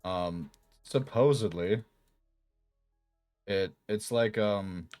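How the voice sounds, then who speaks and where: A man chatting casually on his stream, explaining things slowly with many fillers and restarts. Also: fairly low pitch, darkish tone, no echo, soft background music.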